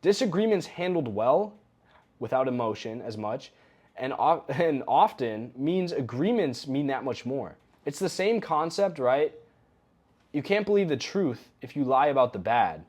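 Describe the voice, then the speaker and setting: A young adult man giving a recorded coaching lesson in a relaxed, conversational way, often acting out example phrases. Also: medium pitch, measured pace. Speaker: coaching course instructor.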